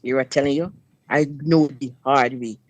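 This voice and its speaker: A woman's voice: extremely low pitch, fairly even intonation, moderate pace, dry recording. A woman tells a personal story on a talk show, speaking emphatically and turning often to the listener. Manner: emphatic dialect storytelling, addresses listener directly. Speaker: guest sharing personal story.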